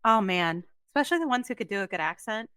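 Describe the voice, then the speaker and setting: Bright, crisp-voiced woman podcast host. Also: medium pitch, lively intonation, dry recording. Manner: chatty, emphatic, quick asides. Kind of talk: casual chat.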